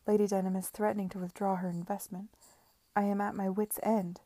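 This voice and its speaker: Woman reading a fretful, anxious gentleman. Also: medium pitch, flat delivery, fairly quick, no room sound, natural voice. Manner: pleading and worried.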